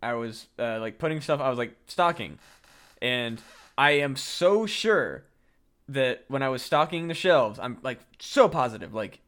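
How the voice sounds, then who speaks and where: A man's voice: medium pitch, lively intonation, measured pace, a bit bright. A man co-hosting a comedy podcast, reacting with profane, laughing remarks in casual chat. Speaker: podcast co-host.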